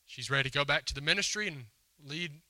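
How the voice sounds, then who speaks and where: A man preaching to a congregation, retelling a story and voicing its lines with conversational emphasis. His voice is strikingly bright and forceful. The sound is close and dry, with little room echo. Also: a little high, fast talker. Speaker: pastor. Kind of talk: sermon. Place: church hall before a congregation.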